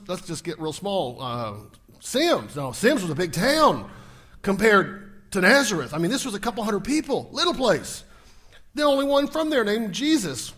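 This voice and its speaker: A man preaching a sermon in a high, bright voice that leaps up and down as he tells the story. He acts out the scenes, sometimes breaking into shouts, and keeps asking the congregation if they're with him. His delivery is lively and dramatic throughout. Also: breathy edge. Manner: animated storytelling with rhetorical questions to the congregation. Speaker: pastor.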